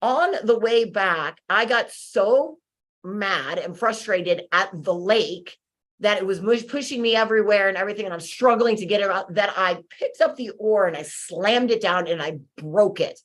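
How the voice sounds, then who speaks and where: A woman hosting a webinar, telling a personal story in a conversational, animated way, with fillers and restarts, acting out her own frustration. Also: mid-range voice, moderate pace. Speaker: webinar host. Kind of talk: motivational storytelling talk.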